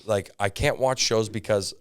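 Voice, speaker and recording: A man, a comedian guest telling stories in casual chat, animated and swearing freely. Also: lowish voice, normal speed, smooth, dry recording, studio quality. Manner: animated, swears freely, acts out others mid-story.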